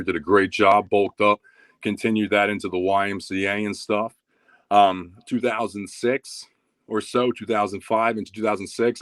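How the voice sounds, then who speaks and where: A man in his thirties, a podcast guest, telling a story in casual chat with lots of swearing. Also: dry recording. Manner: animated, profane storytelling that gets louder and higher when excited.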